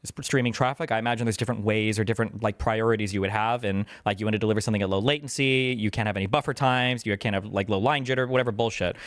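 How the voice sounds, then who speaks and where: A skeptical man talks quickly through his guesses on a casual podcast. His voice sits low, and the recording is dry and close, with no room sound. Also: no room sound. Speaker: podcast co-host.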